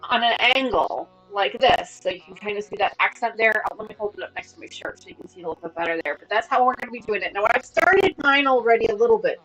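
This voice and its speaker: A woman's voice: medium pitch, animated, quick pace, few pauses, a bit bright, soft background music, low-quality recording. A woman in her thirties hosting a casual sewing livestream from home, chatty and upbeat as she explains her work. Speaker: livestream host.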